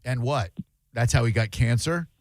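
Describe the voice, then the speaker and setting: A man's voice: mid-range voice, normal speed, darkish tone, dry recording. A male radio host taking callers in a studio, talking in a mocking, sarcastic way. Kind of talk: call-in radio talk.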